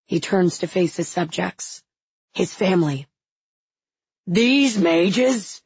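A woman narrating a story in the first person, with a measured, expressive reading. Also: lowish voice, vocal fry, husky, dry recording, highs cut off. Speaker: audiobook narrator.

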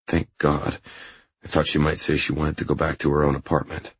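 A man narrating a first-person audiobook in a low, intimate, even reading style. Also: brisk, lo-fi sound, a little hiss or hum.

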